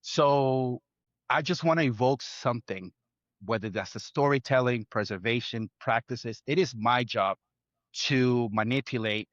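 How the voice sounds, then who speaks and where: A man's voice: mid-range voice, a little slow, fairly bright tone, dry recording, highs cut off. A man, a chef, speaking earnestly in an interview, building his points in short lists. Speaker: chef guest. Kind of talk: reflective interview talk.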